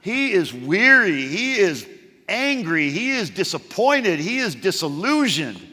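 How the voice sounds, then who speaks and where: High bright-voiced guy preaching, loud then hushed, big hall reverb. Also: big pitch swings, slow. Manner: impassioned, swinging from loud outbursts to hushed tones. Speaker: pastor. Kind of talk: sermon.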